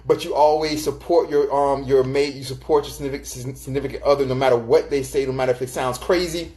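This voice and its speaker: A man hosting a live stream in a loose, chatty way, offering relationship tips. His voice sits in an ordinary middle pitch, and he keeps stopping to greet viewers by name. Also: fairly even intonation, fast, a little mellow. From Florida, United States. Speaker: live stream host giving relationship advice. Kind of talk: casual live-stream talk.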